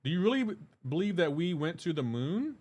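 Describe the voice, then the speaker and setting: A man's voice: on the high side, sing-song, fairly quick, darkish tone. A man live streaming a game, talking loosely with his chat and greeting viewers by name. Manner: talks to chat viewers while playing, loose and chatty. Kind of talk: casual live-stream chat reading comments.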